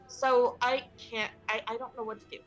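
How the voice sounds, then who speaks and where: A woman's voice: on the high side, flat delivery, moderate pace, soft background music, poor audio. A woman playing in a tabletop game, flustered and frustrated at her setup. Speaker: player. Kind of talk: casual tabletop game chat.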